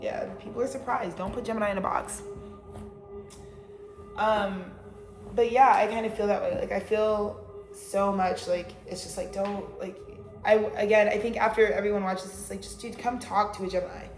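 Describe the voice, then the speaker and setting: A woman's voice: medium pitch, fairly even intonation, normal speed, echoey room, soft background music. A woman giving a casual, rambling tarot reading, talking bluntly and swearing freely. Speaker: tarot reader.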